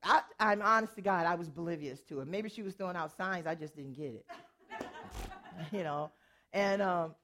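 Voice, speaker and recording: An older woman pastor and worship leader, preaching in a storytelling way, animated and often laughing as she tells a personal story. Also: lowish voice, normal speed. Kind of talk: sermon storytelling.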